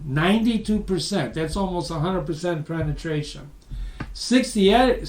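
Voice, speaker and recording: A man giving a live webinar lecture, talking conversationally and repeating points for emphasis. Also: on the high side. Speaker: webinar presenter. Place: room with live audience online. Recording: roomy, distant mic.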